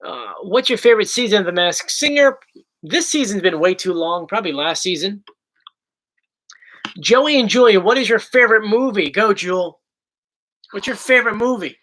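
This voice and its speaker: A man's voice: high-pitched, expressive, moderate pace, fairly bright tone, poor audio. A young man with a South Jersey accent, chatting casually as host of a livestream Q&A and reading viewer questions aloud. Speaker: YouTube host.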